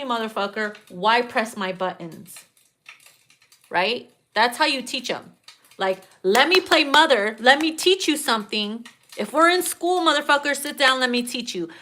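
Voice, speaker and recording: A woman giving a casual tarot reading, blunt and profane, laughing loudly at her own jokes. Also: on the high side. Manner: blunt, profane and animated, breaks into loud laughter. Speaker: tarot reader.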